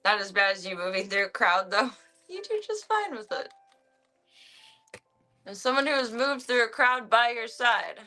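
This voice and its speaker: A woman's voice: fairly high pitch, animated, a little slow, bright, forceful tone, soft background music. A woman streamer chatting casually at home, fussing over her pet in doting, playful baby talk and laughing often.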